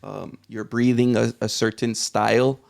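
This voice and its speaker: A man's voice: mid-range voice, flat delivery, unhurried, creaky, darkish tone. A man around forty, a podcast guest, animatedly retelling a personal experience, acting out his own reactions and swearing now and then. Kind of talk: conversational storytelling.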